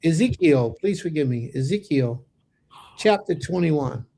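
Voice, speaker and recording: Speaking in a pitch on the high side, this man sounds animated, unhurried, gravelly and warm. He's a Bible teacher running an informal livestream lesson, addressing viewers directly in a conversational, slang-filled way.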